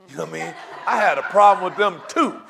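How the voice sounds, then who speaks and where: A man's voice: sits high, quick pace, vocal fry, crowd noise. A man leading a church conflict class, teaching conversationally and acting out quoted voices with frequent laughs. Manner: animated, acts out quoted voices, laughs often.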